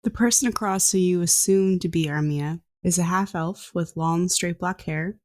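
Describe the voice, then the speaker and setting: A woman's voice: fairly low pitch, fairly even intonation, normal speed, darkish tone. A woman narrating as game master of a tabletop game in a casual, filler-laden way.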